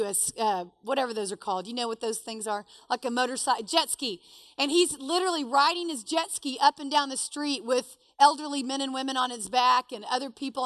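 A woman telling a personal story to a live audience, animated and self-deprecating. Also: high voice, dry recording.

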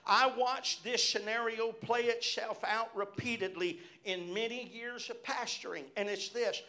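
A man's voice: high-pitched, steady tone, a little slow, bright, forceful tone. A middle-aged man preaching a sermon as pastor, telling personal stories and punctuating his phrases with repeated amens. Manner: personal storytelling from the pulpit.

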